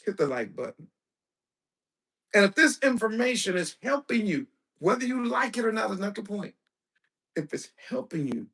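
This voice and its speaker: A male preacher giving a lecture-style sermon, emphatic, asking rhetorical questions and breaking into bursts of shouting. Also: high voice, gravelly. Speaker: preacher and teacher.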